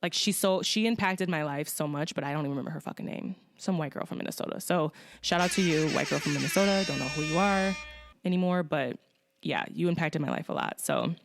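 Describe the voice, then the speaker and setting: A woman's voice: deep voice, fast, creaky, noisy background. A woman hosting a podcast in casual chat, rambling and swearing, with lots of fillers. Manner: rambling, profane, with many fillers. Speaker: podcast host.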